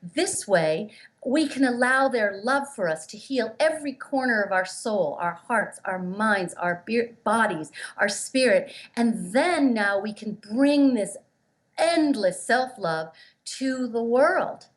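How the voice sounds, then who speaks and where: A woman's voice: a little high, expressive, slow. A woman being interviewed as a guest, telling stories earnestly and with emphasis, acting out the voices of the people she quotes. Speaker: guest, relationship therapist. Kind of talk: interview storytelling.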